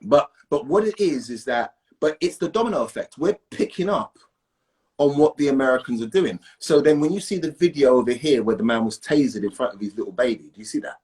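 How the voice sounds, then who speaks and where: Animated man, lively pitch. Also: brisk. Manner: animated, emphatic, asks "right?" often. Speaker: guest. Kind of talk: casual conversation.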